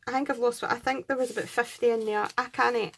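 A woman's voice: fairly high pitch, fairly even intonation, fast talker, creaky. A Scottish woman hosting a craft channel, chatting casually and gushing as she unboxes and counts items aloud. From Scotland.

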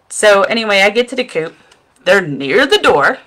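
Animated and fairly bright, with a lowish voice at normal speed, a middle-aged woman talks to her webcam at home. She sells makeup and vlogs, and here she rambles through a self-deprecating story, laughing at herself in a casual storytelling format.

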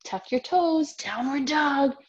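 A young woman leads a children's yoga class, with a fairly high voice and a slow, unhurried pace. She talks in a gentle, sing-song way, cheering the kids on through each pose. The sound is dull and lo-fi, like a home camera recording. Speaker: kids' yoga teacher. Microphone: camera mic.

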